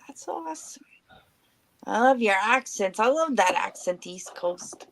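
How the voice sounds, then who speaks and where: A woman's voice: mid-range voice, lively intonation, a little slow, creaky, a bit bright, slight background noise. A woman with a Canadian accent, chatting enthusiastically on a live panel. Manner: gushing, enthusiastic, giggly. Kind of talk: casual chat on a live panel.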